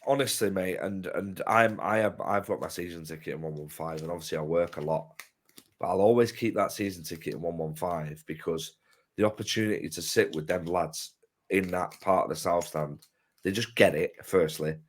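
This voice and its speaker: A man chatting passionately as co-presenter, getting loud and emphatic. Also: low voice, normal speed. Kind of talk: casual chat.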